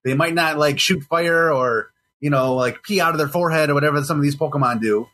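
A man's voice: on the high side, brisk, fairly bright tone. A man in casual podcast chat, skeptical and joking, teasing the others. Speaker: podcast co-host.

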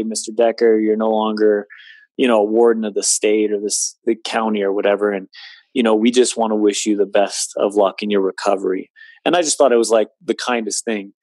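Low-voiced guy telling his story, earnest, lots of "you know", dry close sound. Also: a little mellow, no room sound. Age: 20s. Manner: earnest, conversational, with many fillers. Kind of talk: personal testimony in conversation.

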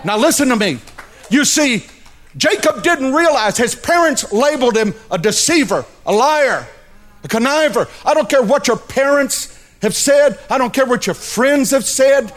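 A man's voice: very high-pitched, animated, measured pace, fairly bright tone. A male pastor preaching a sermon, telling a story dramatically and addressing the congregation directly.

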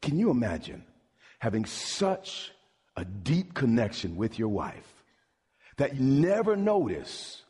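A middle-aged man preaches with a husky edge to his voice and a widely swinging, animated delivery. He stammers and repeats words, then drives home his points by tossing questions to the congregation. His voice rings out with the long reverb of a large sanctuary. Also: medium pitch, slow pace. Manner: call-and-response preaching, stammering repeats, emphatic. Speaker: pastor. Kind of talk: sermon.

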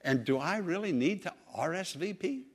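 A male preacher voicing a remorseful woman singer in a sermon story, speaking softly. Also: sits high, lively intonation, normal speed, husky, pitched above the performer's own voice. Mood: rueful.

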